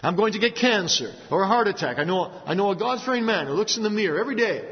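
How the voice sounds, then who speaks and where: A man preaching a sermon earnestly, dropping low and slow for stories and rising for emphasis. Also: animated. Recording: dull sound with long hall reverb.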